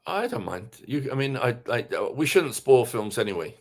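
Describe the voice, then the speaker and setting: A hesitant man with a middle-pitched voice works through his thoughts in halting restarts. He is co-hosting a casual podcast chat. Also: big pitch swings. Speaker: podcast co-host.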